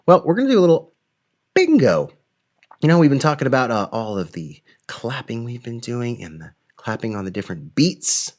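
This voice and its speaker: A man's voice: mid-range voice, normal speed. A man leading a kids' music lesson, singing, clapping and talking to the children in a playful way. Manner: animated, playful, sings and claps along. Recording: loud music behind.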